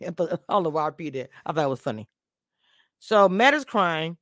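A woman's voice: low voice, sing-song, moderate pace, dry recording, clean studio sound. A woman reviewing a reality show on a casual live stream, blunt and opinionated in her takes.

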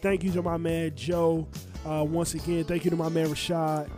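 A man's voice: on the high side, flat delivery, normal speed, over music. Laid-back young man co-hosting a podcast. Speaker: podcast co-host. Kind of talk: casual podcast chat.

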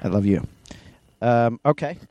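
A middle-aged man co-hosting a podcast, ranting animatedly in casual chat and mimicking others in high voices. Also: expressive, unhurried, a little mellow, no echo. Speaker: podcast co-host.

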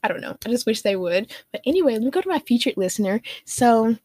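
A woman's voice: on the high side, lively intonation, fast, darkish tone, no room sound. Young woman, podcast host, bubbly and gushing, casual chat, dry close sound. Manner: bubbly, gushing, heavy use of "like".

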